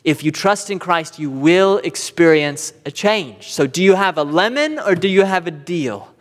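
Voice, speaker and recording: A man's voice: a little high, lively intonation, moderate pace. A man preaching a sermon as pastor, earnest and emphatic, driving points home with repeated phrases. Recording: long hall reverb.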